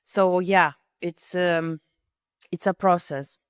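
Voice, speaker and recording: A woman hosting a podcast, speaking thoughtfully and haltingly, with an occasional soft laugh. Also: on the low side, steady tone, clean tone, dry recording, studio quality. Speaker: podcast host. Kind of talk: reflective conversation.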